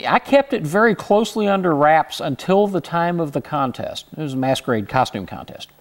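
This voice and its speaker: A man's voice: a little high, lively intonation, moderate pace. A man from Houston with a slight Southern twang, a guest telling stories in a casual interview, chuckling between restarts. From Houston, Texas. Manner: chatty storyteller, frequent restarts, chuckling asides.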